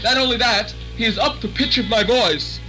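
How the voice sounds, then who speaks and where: A man's voice: very high-pitched, normal speed, over music, low-quality recording. A fan making a theatrical, mock-indignant protest on a home tape, joking about his own voice. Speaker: contributing fan.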